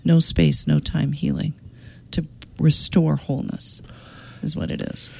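Woman healer, very gravelly, dark mellow tone, calm slow explainer. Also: low voice, poor audio. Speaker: shamanic soul coach. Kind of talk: explaining her healing practice.

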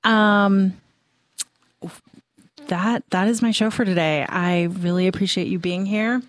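A woman's voice: lowish voice, no echo. A woman radio host closing her community talk show in a chatty, heartfelt way, with plenty of ums and restarts.

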